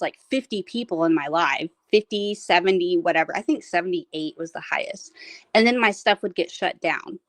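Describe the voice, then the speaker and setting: A woman's voice: mid-range voice, dry recording. Woman chatting casual, rambly and laughy, dry close sound. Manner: rambling, laughs often, animated storytelling. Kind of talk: casual chat.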